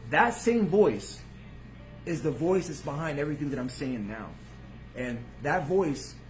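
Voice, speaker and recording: Animated man muttering then bursting out loud. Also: a little high. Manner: street slang, swears freely. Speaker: channel host. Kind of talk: casual monologue to viewers.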